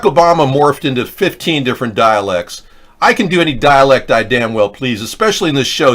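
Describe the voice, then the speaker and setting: A male host holds forth on a political commentary show in a rambling, sarcastic manner, jumping from point to point. His voice sits at an ordinary mid pitch for a man. He keeps the talk loose and opinionated. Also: big pitch swings, brisk, sharp tone.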